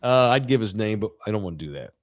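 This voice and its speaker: A man's voice: fairly low pitch, animated, fast. A man in his forties, a podcast co-host, telling a long crude anecdote in a casual, rambling way with plenty of profanity. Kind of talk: casual sports podcast storytelling.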